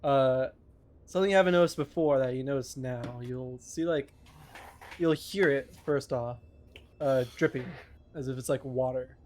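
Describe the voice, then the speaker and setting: A man's voice: mid-range voice, normal speed, darkish tone, slight background noise. A man narrating a tabletop game as game master, in loose descriptions full of fillers.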